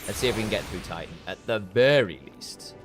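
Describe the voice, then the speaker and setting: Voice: low voice, fairly quick, soft background music. Chatty streamer thinking aloud. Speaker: game streamer. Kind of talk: casual live gameplay chat.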